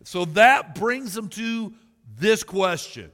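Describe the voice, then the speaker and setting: A man's voice: high voice, animated, slow pace, sharp tone, big-room sound. A man preaching a sermon as pastor, earnest, building emphasis and joking asides to the congregation.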